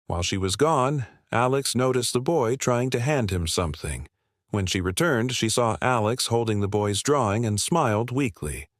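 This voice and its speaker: A man reading a scripted story as narrator, in a steady, even storytelling delivery. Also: medium pitch, moderate pace, dry recording, studio quality.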